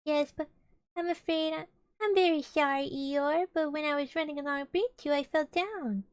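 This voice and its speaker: A woman voicing a small, timid young male pig who frets anxiously in a high squeaky voice, in a storybook reading. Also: moderate pace, no echo, studio quality, close to an everyday voice. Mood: apologetic.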